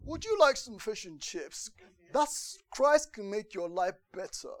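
A preacher voicing an overly polite, pompous British gentleman with an affected posh accent. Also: sing-song, a little slow. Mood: mock-polite. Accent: put-on posh British. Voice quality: high, affected, fussy.

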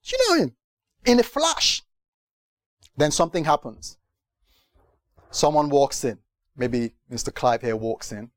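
A man preaching a sermon to a gathering, animated, moving from hushed tones to loud emphatic questions. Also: medium pitch, a little slow, long pauses, dry recording, clean studio sound. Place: church gathering.

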